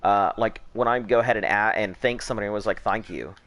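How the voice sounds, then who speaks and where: A man's voice: on the low side, fairly even intonation, rapid-fire, fairly bright tone, a little hiss or hum. A young man hosting a gaming video, chatting casually and rambling while he plays, often restarting and repeating words. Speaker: gaming channel host. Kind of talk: casual chat while playing a game.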